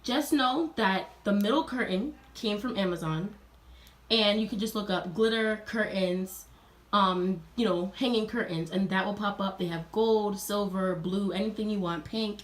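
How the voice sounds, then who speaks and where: Unhurried and mid-range in voice, a young woman at college cheerfully tours her dorm room for her viewers, addressing them directly in a relaxed vlog.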